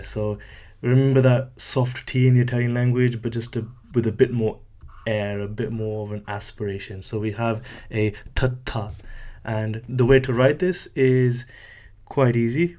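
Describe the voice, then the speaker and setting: A man teaching a language lesson, explaining letter sounds slowly and patiently while writing, with light self-deprecating asides. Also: mid-range voice, a little mellow.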